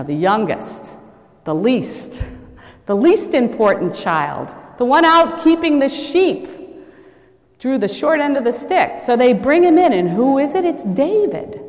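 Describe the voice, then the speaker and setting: A woman's voice: sits high, very animated, a little slow, a little mellow. A woman giving a sermon in a church, telling a story and lightly acting out the people she quotes. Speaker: preacher. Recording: long reverb of a large hall.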